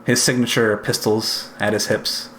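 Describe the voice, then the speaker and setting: A man's voice: lowish voice, flat delivery, a little slow, fairly bright tone, echoey room, slight background noise. A man narrating a tabletop game as game master, descriptive and hesitant, with frequent fillers.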